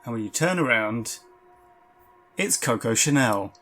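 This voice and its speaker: A man's voice: mid-range voice, expressive, measured pace, a bit bright, soft background music. A man narrating as game master of a tabletop game, describing scenes loosely with fillers.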